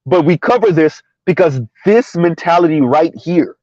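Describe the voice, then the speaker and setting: In a dull, dry lo-fi recording without room sound, a male vlog host offers casual social commentary at a normal pace. His fairly high voice is animated and a touch mellow, and he chuckles frequently while asking his audience "right?"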